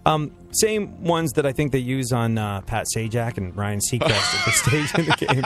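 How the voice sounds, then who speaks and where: A man in mid pitch hosts a loose comedy chat, rambling, laughing often and tripping over his own restarts. Faint music sits low behind his voice. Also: expressive, normal speed, few pauses, fairly bright tone. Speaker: podcast host.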